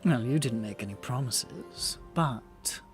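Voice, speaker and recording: A game master voicing Queen Titania, a regal, weary fairy queen who speaks in a slow, measured, dry way. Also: medium pitch, expressive, faint music behind, pitched below the performer's own voice.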